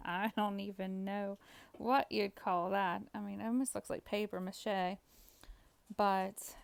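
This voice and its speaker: A woman's voice: mid-range voice, creaky, darkish tone, no room sound. A woman teacher casually recounting an online chat, reading out the messages. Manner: reads out chat messages, often laughing. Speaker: teacher telling a story. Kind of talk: casual storytime vlog.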